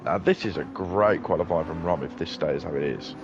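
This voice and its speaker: A man's voice: low voice, a little fast, highs cut off, slight background noise. A British man co-commentating a sim race with joking, teasing banter.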